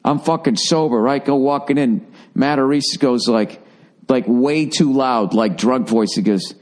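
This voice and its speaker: A man's voice: medium pitch, a little slow. Profane, rambling man telling a story. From Boston area. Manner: profane, rambling, animated when doing quoted voices. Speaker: podcast host. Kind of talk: casual storytelling monologue.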